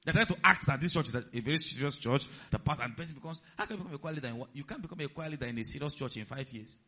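A man preaching a sermon, animated and putting rhetorical questions to his listeners. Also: mid-range voice, racing, muffled recording.

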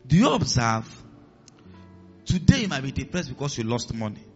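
A man's voice: mid-range voice, very animated, normal speed, dull audio, soft background music. A man preaching a sermon as pastor, acting out voices in his stories and dropping to a hiss for commands. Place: church hall with a congregation.

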